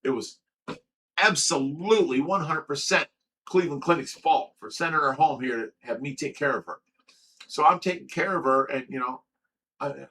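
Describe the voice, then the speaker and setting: A man's voice: on the high side, sharp tone, distant mic, a little hiss or hum. A man hosting a livestream, telling a long personal story in a rambling way, stammering and repeating himself with lots of fillers. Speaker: livestream host of a fish rescue.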